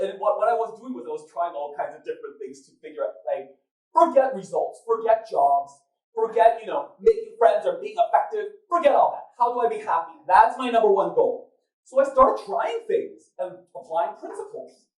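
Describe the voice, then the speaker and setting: Before a live audience, a man serving as moderator and host spins his story with humor, chuckling at his own lines. His high voice swings widely in pitch at a moderate pace, and the recording is distant and echoey.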